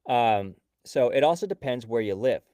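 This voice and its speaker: An upbeat man hosts a live stream, greeting viewers and explaining things in a loose, chatty way. His voice is smooth and clear at an ordinary middle pitch. The sound is dry and close to the mic. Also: expressive, normal speed, darkish tone, no room sound. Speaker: livestream host and coding instructor.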